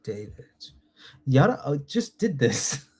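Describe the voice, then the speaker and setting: A man's voice: mid-range voice, sing-song, slow pace, mellow, husky. Guy in his 30s doing a live online quiz class, chatty, jokey, reads out the options, cheers students on. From United Kingdom. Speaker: citizenship test tutor.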